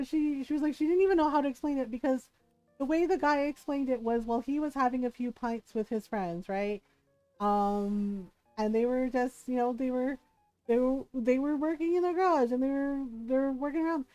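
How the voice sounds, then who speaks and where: A young woman with a high, mellow voice spins a rambling tale while streaming, full of fillers and quick laughs. The sound is dry and a little muffled, with faint game music underneath. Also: no room sound. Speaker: live streamer. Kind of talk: casual storytelling while gaming. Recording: slightly muffled stream audio.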